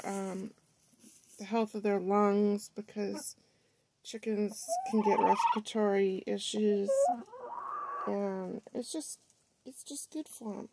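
Chatty woman explaining chicken care slowly. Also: mid-range voice, warm tone. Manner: coos to her hens in a sing-song baby voice between plain explanations. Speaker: backyard chicken keeper. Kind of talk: casual vlog chat. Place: outdoors by a chicken coop. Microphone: handheld phone. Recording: noisy outdoor phone recording. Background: hens clucking.

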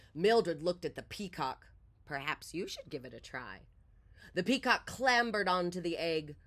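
A woman reading a children's picture book aloud, with expressive storytelling. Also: fairly low pitch.

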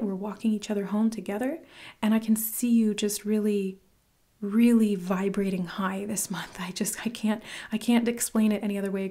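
A woman's voice: mid-range voice, warm tone. A woman hosting her own channel, giving an earnest, gushing tarot reading to camera and dropping to a whisper for emphasis. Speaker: tarot reader, channel host. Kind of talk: casual spiritual reading to camera.

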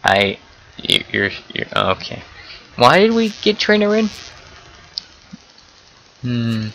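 A young man giving casual, excitable commentary while playing an online game, often swearing and exclaiming at what happens. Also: medium pitch, takes it slowly, creaky, a little hiss or hum, low-quality recording. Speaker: gameplay commentator.

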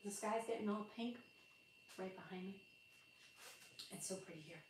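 A woman's voice: medium pitch, normal speed. A woman hosting a live cooking stream from her home kitchen, chatting her way through each step and laughing off small slips. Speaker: livestream cooking host. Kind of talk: casual live cooking chat. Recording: echoey room, far from the mic, audible noise.

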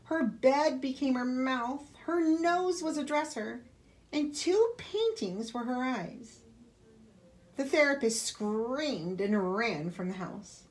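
A woman librarian reading a children's picture book aloud with expressive storytelling. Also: high voice, slow pace.

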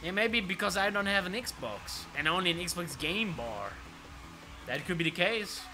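An excitable man commentates his own arcade racing run for viewers. His voice sits fairly high and swings widely in pitch, jumping from loud yelps to muttered asides. Loud game music plays under him. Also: normal speed. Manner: excitable, animated, chatting to viewers, swears casually. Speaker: streamer. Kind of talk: live gameplay commentary.

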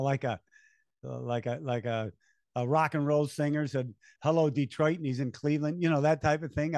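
A man's voice: a little high, no room sound, studio quality. An older man, a race announcer, telling stories in an interview and acting out the voices of people he quotes. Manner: animated storyteller, acts out quoted voices, chuckles. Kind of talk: conversational storytelling interview.

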